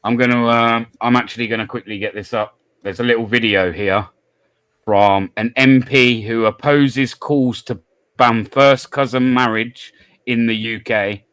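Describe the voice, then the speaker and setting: A man hosting a live stream, talking in a relaxed, easygoing way while sharing clips. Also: medium pitch, unhurried, smooth, dry recording. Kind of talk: casual live-stream chat.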